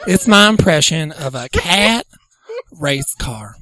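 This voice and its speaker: A man's voice: fairly high pitch, sing-song, takes it slowly, full character voice. A man voicing a boastful woman comedian from Kentucky with a put-on drawl, in an improvised podcast bit. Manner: boastful, loud, says y'all. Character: brash self-proclaimed stand-up comedian woman Kathleen from Kentucky.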